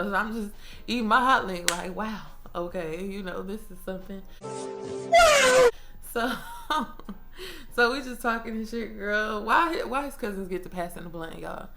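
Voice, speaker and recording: Slangy, animated young woman telling a story. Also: mid-range voice, measured pace, music in the background. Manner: animated, slangy, swears freely, laughs often. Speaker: storytime vlogger. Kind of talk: casual storytime monologue. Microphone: own microphone.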